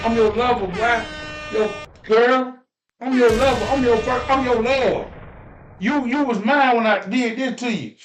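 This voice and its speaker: A man's voice: very high-pitched, a little slow, noisy background. Emotional man preaching in a roomy echo. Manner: preachy, repeats phrases, swears freely. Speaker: podcast host. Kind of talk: emotional storytelling chat.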